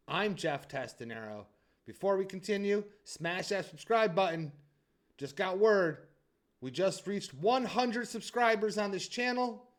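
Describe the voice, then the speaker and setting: A young man hosting a hockey channel, giving casual sports commentary and teasing his viewers, swinging between loud hype and quiet asides. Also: sits high.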